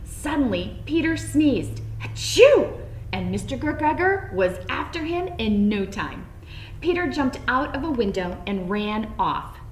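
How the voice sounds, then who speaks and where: A woman reading a children's storybook aloud in an expressive, playful way. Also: a little high, measured pace, slight background noise. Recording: roomy echo, faint background.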